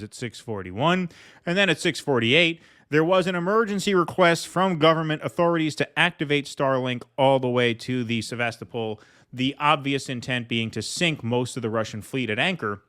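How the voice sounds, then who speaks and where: A man's voice: medium pitch, pushed and bright. A man hosting a political commentary show, talking sarcastically and mockingly as he reacts to news clips.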